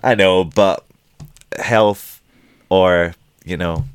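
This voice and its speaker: A man's voice: low voice, fairly even intonation, very slow, clear, resonant tone, no echo. A man co-hosting a podcast in casual chat, dry and teasing in manner. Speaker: podcast co-host.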